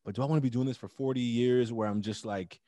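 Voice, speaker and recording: Middle-aged guy telling his story, emphatic, gets loud, dry close sound, medium voice. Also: medium pitch, fast, no room sound. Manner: emphatic and animated, loud bursts. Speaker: interview guest, teacher and club founder. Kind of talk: casual interview storytelling.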